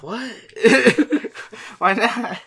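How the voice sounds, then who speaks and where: Playful, giggly young man with a bright voice. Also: very high voice, very slow, husky. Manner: playful, giggly, jumps between ideas. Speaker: podcast co-host. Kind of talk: casual chat.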